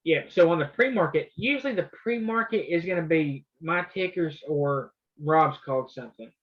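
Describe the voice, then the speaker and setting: A man's voice: fairly high pitch, moderate pace, highs cut off. A man coaching trading in a loose, conversational way, walking through his charts. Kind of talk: casual live coaching session.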